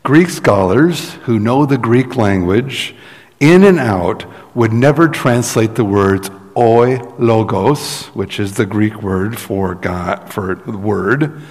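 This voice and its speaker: A man's voice: on the low side, takes it slowly, darkish tone, in a large hall. A man preaching a sermon in a conversational, explaining manner with asides to the congregation. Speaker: pastor.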